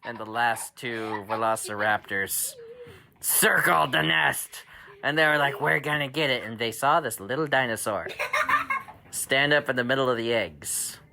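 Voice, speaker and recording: A man telling an improvised bedtime story to a child, animated, with sound effects and dramatic pauses. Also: medium pitch, vocal fry, crowd noise. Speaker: storyteller dad.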